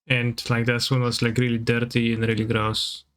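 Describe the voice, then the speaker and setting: While streaming a card game, a man chats casually with viewers, his medium-pitched voice completely flat, moderately paced, smooth, and fairly bright. Every so often he slips into playful, goofy sing-song noises.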